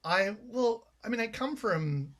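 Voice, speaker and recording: A man's voice: high voice, lively intonation, measured pace, fairly bright tone. A man from Canada, a playwright being interviewed, telling anecdotes in a chatty way with frequent restarts. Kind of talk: casual interview chat.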